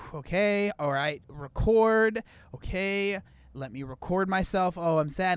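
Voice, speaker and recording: A man's voice: high voice, a little slow, fairly bright tone, clear, resonant tone, no room sound. A man rambling and chatting casually as he comments on clips in a reaction video. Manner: rambling, chatty, restarts often.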